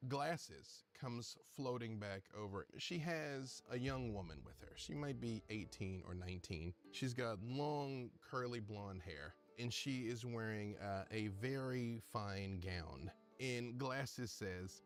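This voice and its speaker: A man's voice: mid-range voice, slow pace, hardly any pauses, faint music behind. A man narrating a tabletop game as game master, loose and full of fillers. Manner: loose, giggly, many fillers.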